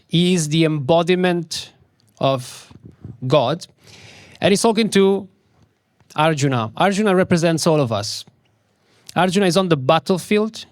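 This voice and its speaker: In a slow, deliberate spiritual talk, a swami with a fairly high voice leans on repetition to drive his points home. The recording is close and dry, with no room sound at all.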